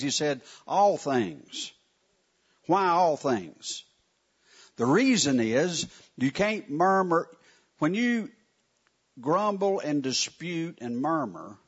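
A man preaches a sermon in a church, his voice leaping up and down as he stresses his points. His tone is folksy and direct, full of asides to the congregation, with a slightly husky edge. The recording is muffled and lo-fi. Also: fairly high pitch. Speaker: pastor. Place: church sanctuary. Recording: muffled lo-fi sound.

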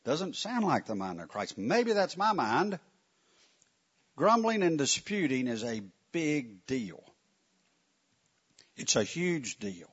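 Animated, husky-voiced man teaching a sermon. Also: fairly high pitch, slow. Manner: conversational, wry, asks the audience questions. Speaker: Bible teacher. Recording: dull lo-fi recording.

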